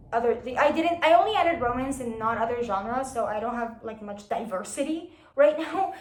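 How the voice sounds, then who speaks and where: A young woman chatting casually about her unread books, rambling with restarts and quick apologies. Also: a little high, echoey room, slight background noise. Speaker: book vlogger.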